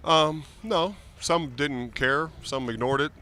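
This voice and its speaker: A man in his forties, a retired football player, telling lively, joking stories as a guest in a casual interview. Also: fairly high pitch, takes it slowly, slight background noise.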